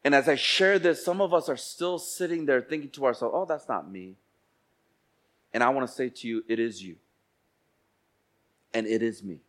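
A male pastor with a medium-pitched voice preaches a sermon in church, swinging between hushed, slow lines and loud outbursts. He also acts out the voices of people he quotes.

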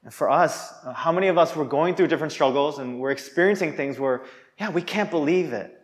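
A man's voice: fairly high pitch, brisk. A young man preaching a sermon in an earnest, conversational way, often restarting his sentences.

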